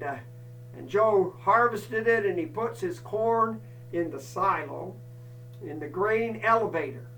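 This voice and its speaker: Folksy campfire storyteller, bright tone. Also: mid-range voice, recorded from a distance, a little hiss or hum, poor audio. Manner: folksy, with asides to the listeners.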